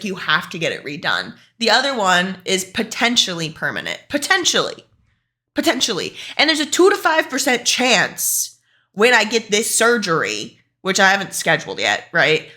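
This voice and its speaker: Profane, animated young woman streamer. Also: mid-range voice. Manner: profane, animated, fast and emphatic. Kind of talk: casual ranting to a stream chat.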